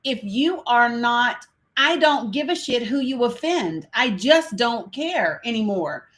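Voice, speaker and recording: A woman's voice: fairly high pitch, lively intonation, slow, fairly bright tone. An American woman hosting a livestream panel, talking casually and growing impassioned and profane as she rises into outrage. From United States. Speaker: livestream host.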